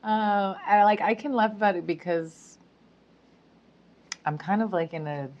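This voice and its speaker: A woman's voice: medium pitch, unhurried, a little hiss or hum. A woman talking casually to her viewers, chatty with frequent giggles and fillers. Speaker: spiritual speaker. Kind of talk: casual monologue to camera. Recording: dull lo-fi sound.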